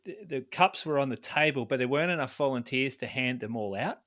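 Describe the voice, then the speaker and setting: A man co-hosts a running podcast, talking through his opinions in a relaxed, explanatory way. His voice is bright and forward, set at a middle pitch. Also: brisk. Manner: explanatory, opinionated, asks follow-up questions. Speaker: podcast co-host. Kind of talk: casual conversational chat.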